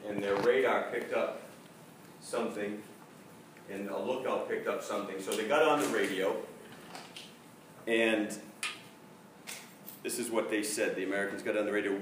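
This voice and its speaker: A man's voice: lowish voice, moderate pace, pauses often, slight background noise. A man preaching a sermon as a pastor, telling a story in an earnest, emphatic way. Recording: echoey room, distant mic.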